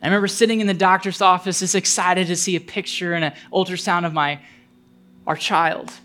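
A man's voice: high voice, fairly even intonation, fairly quick, bright, forceful tone. Earnest man preaching a sermon. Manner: earnest, intimate storytelling that rises to fervent appeals. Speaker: pastor. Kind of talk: sermon with personal story.

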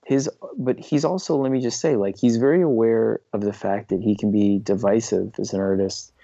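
A man telling stories as a podcast guest, rambling and animated with many restarts. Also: on the low side, normal speed, vocal fry, no echo, lo-fi sound. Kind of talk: casual storytelling in an interview.

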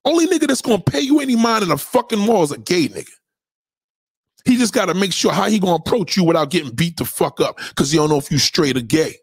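A man hosting a podcast, ranting in profane commentary, loud and preachy, repeating himself. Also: sits high, expressive, fast, slightly rough, dry recording, clean studio sound.

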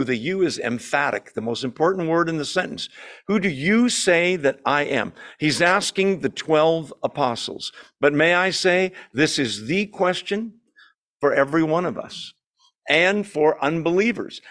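Man, fairly high voice, Bible study teacher, conversational, quizzes the group, dry humor. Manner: lively, asks the group questions, dry humor. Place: church meeting room with a Zoom audience.

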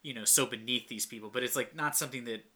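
A man's voice: medium pitch, fast, sharp tone. A man co-hosting a casual movie review chat, laid-back and wry, hedging with fillers. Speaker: podcast co-host.

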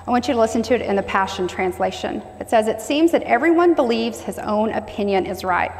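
A woman with a fairly high voice preaches a sermon in call-and-response style. She repeats key phrases and has the congregation say them back. Her voice rings with a long hall reverb. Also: lively intonation, a little fast, a little mellow.

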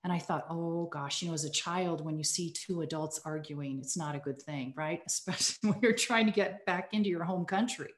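A woman guest on a podcast, telling a personal story in an earnest, animated way. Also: deep voice, moderate pace, few pauses. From United States. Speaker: podcast guest, communications executive. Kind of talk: casual storytelling interview. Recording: echoey room.

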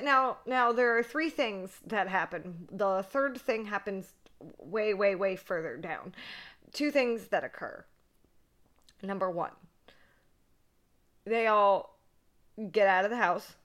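A woman co-hosting a horror podcast recaps a movie in loose, excitable chat, her bright, forward voice at medium pitch. She speaks slowly with frequent pauses, swears freely, and says "like" a lot.

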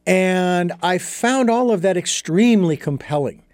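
A man's voice: high-pitched, expressive, unhurried, darkish tone, no room sound, clean studio sound. A man as an interview guest, telling a story and explaining his ideas in an earnest, thoughtful way. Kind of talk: reflective storytelling in conversation.

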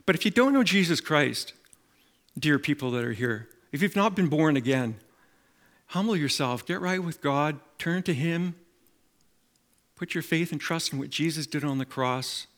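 A middle-aged man preaching a sermon, telling stories and making emphatic, animated appeals to the congregation. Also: a little high, normal speed. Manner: animated storytelling with acted quotes and emphatic appeals.

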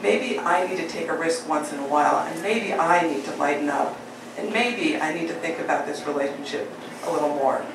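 A woman telling a personal story on stage, animated and laughing through it. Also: low voice, fairly quick. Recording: echoey live hall, distant, noisy.

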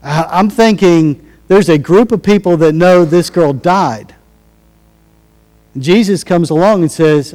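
A man's voice: on the high side, a little slow, darkish tone, long reverb tail, poor audio. A man preaching a sermon in a conversational way, acting out quotes as he goes. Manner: conversational, restarts and acted-out quotes. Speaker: pastor.

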